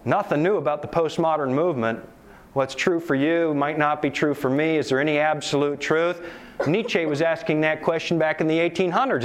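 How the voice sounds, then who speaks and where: A male preacher delivering a lively sermon, often asking his audience rhetorical questions. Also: on the high side, moderate pace. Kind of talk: sermon lecture to a live audience.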